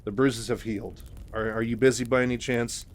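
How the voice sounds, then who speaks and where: A man's voice: mid-range voice, fairly even intonation, a little fast, close to an everyday voice. A man voicing a nonchalant male war reporter with offhand, casual phrasing.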